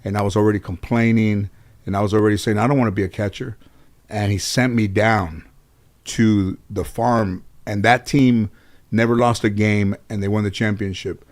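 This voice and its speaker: A middle-aged man from the Los Angeles area, a talk show host telling comic stories about his childhood, animated and swearing freely. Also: lowish voice, moderate pace. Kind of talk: comic storytelling.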